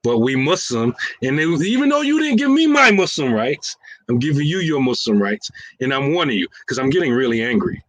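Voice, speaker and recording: A man's voice: mid-range voice, sing-song, a little fast, dry recording, low-quality recording. A man, talking casually and playfully while acting out everyday scenarios and chuckling at his own lines.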